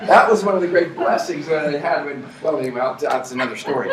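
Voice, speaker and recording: A man giving a rambling motivational speech to an audience, often laughing and building up to shouting. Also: fairly high pitch, fast, few pauses, very noisy. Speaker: motivational speaker at a company event. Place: event hall with an audience. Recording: echoey hall, mic from far off.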